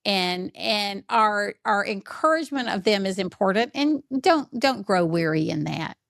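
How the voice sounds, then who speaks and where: A woman hosting a podcast, talking in a lively storytelling way and acting out quotes. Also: mid-range voice, unhurried, creaky, no echo, clean studio sound. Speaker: podcast host. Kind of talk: podcast conversation.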